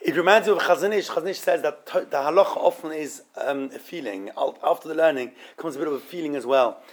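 A man teaching an informal Torah study class, halting and often repeating words as he explains. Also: on the high side.

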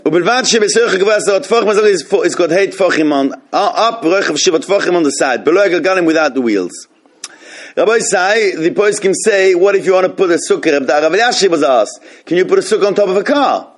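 A man with a slightly high voice teaches a class on Jewish law. He stumbles over restarts and keeps turning to the room with questions. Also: expressive, brisk. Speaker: Torah teacher.

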